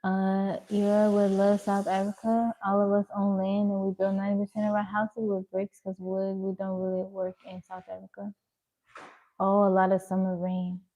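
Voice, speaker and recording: A woman's voice: mid-range voice, monotone, normal speed, warm tone. A woman livestreaming from her home, chatting casually and answering viewer comments one by one. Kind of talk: casual live-stream chat reading comments.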